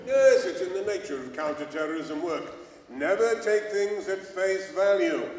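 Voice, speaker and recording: A man's voice: high voice, expressive, moderate pace, a little hiss or hum. A man playing a smug, evasive government adviser in a live comedy sketch, answering breezily. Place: large old church used as a cabaret venue. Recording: echoey church hall from far off.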